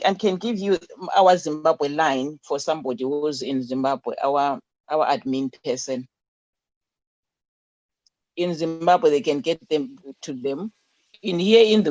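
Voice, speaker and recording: A woman who founded a charity speaks as a guest over a remote line. Her talk is halting, full of restarts and repeated words. The sound is dull and lo-fi, with no room echo at all. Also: deep voice, darkish tone. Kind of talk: remote radio interview.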